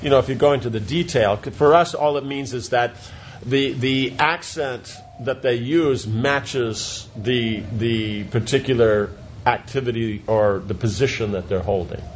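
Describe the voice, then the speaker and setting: A man with a mid-range voice talks a little slowly while teaching a class informally. Everyday examples carry his explanations, and he frequently asks whether things make sense. Light noise sits on a dull lo-fi recording.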